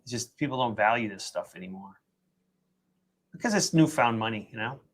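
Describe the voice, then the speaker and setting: A man's voice: mid-range voice, lively intonation, fairly quick. A man co-hosting a casual live stream, giving opinionated, rambling explanations.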